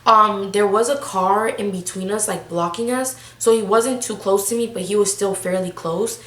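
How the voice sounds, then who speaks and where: A woman's voice: medium pitch, normal speed, a bit bright, echoey room. An eighteen-year-old woman telling a storytime vlog in a casual, slangy, breathless way. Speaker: vlogger.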